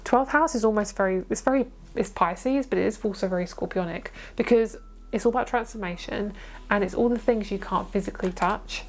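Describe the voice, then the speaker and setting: A woman's voice: mid-range voice, fairly quick, a little mellow. A woman giving a casual, chatty pick-a-card tarot reading, gushing and swearing casually as she goes. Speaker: tarot reader.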